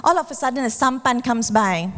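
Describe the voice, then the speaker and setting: High-voiced woman preaching in a reverberant hall. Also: fairly quick. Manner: animated storytelling, acts out characters with shifting pitch. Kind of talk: sermon.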